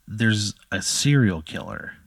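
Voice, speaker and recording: Low-voiced man, rambling comedic narrator, dry sound. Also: huge pitch swings, slow pace, vocal fry, breathy edge, no echo. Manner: rambling, full of "like" fillers. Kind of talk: improvised storytelling.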